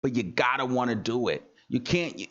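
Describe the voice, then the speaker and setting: A man's voice: mid-range voice, animated, a little fast, fairly bright tone, highs cut off. A man hosting a livestream talk show, speaking in an earnest, preachy way and repeating lines for emphasis. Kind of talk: casual motivational livestream talk.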